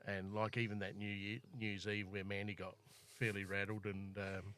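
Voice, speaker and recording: Bright-voiced Australian man, rambling and blunt. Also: lowish voice, level tone, normal speed, smooth. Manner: rambling, swears freely, acts out quotes loudly. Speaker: podcast guest. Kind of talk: casual storytelling chat.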